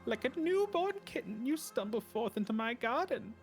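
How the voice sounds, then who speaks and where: Old witch for a game: a man doing a high, slow, sinister crone voice that lingers on every word. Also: big pitch swings, soft background music, heavily acted. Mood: creepy. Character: creepy old witch woman, sly and predatory. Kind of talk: reading game dialogue aloud.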